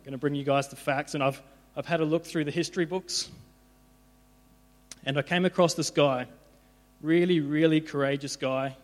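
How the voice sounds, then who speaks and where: A man's voice: fairly high pitch, steady tone, normal speed. A young man giving an informal sermon, conversational, often repeating his words as he goes. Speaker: preacher. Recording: hall reverb with mains hum.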